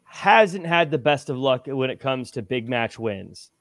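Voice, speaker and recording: A man's voice: medium pitch, animated, measured pace, fairly bright tone, dry recording. Man hosting a wrestling podcast. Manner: leads discussion, recaps matches, asks questions. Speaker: podcast host. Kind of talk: casual wrestling review chat.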